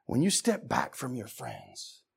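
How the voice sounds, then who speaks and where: A man preaching a sermon with passion, firing rhetorical questions, shouting at the peaks and dropping to hushed tones. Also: mid-range voice, huge pitch swings, unhurried, vocal fry, husky.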